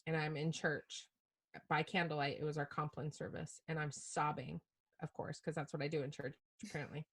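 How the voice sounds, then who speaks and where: A middle-aged woman from Utah, a preacher and podcast guest, telling candid, self-mocking stories in an animated way with frequent laughter. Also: sits low, brisk, husky. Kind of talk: candid storytelling chat.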